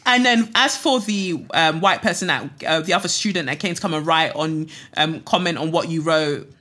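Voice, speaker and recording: A woman co-hosting a podcast, blunt and animated with mocking asides. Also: low-pitched, moderate pace. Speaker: podcast co-host. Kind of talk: casual chat.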